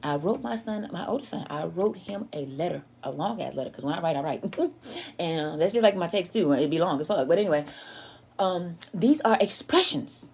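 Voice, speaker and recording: A woman's voice: on the low side, expressive, moderate pace, gravelly, a little mellow, breathy edge. A woman telling a candid personal story to her viewers in an earnest, confessional way. She repeats herself for emphasis and often speaks to her listeners as "y'all.".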